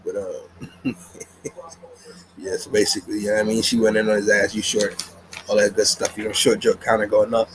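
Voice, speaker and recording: A man with a low voice talks through an anime episode in loose street slang, rambling and laughing as he goes. He records at home while the TV plays, and faint noise sits under his voice. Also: monotone, rapid-fire, few pauses. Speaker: anime reviewer. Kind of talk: casual episode review.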